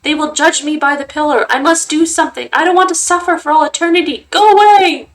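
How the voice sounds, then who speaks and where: A woman voicing a guilt-maddened old grandfather who rants and shouts at his family. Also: high voice, quick pace, soft background music, voice pushed up, natural voice, rough recording. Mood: raving. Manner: shouting, ranting. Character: raving old male grandfather, guilt-mad, zealous.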